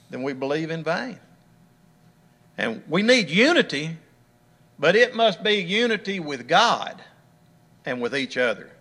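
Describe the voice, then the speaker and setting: A man's voice: high-pitched, sharp tone. A man preaching a sermon in an earnest way, asking rhetorical questions and letting his voice fall at the close of phrases.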